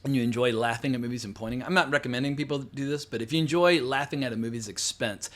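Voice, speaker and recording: A man's voice: mid-range voice, a bit bright. A middle-aged man giving a casual spoken movie review, blunt and sarcastic, rambling with fillers and self-corrections. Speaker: film reviewer.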